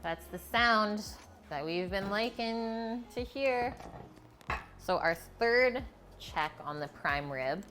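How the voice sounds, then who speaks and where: A woman's voice: medium pitch, animated, slow, a bit bright, faint music behind. A woman hosting a live cooking stream from her home kitchen, chatting casually and explaining each step as she goes. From Canada.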